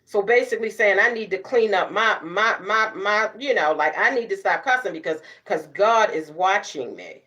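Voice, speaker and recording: A middle-aged woman vlogger, chatting casually to camera, sassy and loud, laughing often and cussing freely. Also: medium pitch, expressive, moderate pace, hardly any pauses. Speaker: beauty vlogger.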